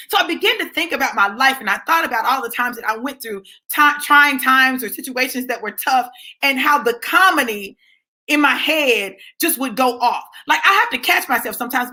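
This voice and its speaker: A woman talking straight to her viewers in a casual storytelling monologue, swinging from low asides to high exclamations and checking in with "right?". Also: moderate pace, sharp tone. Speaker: vlogger.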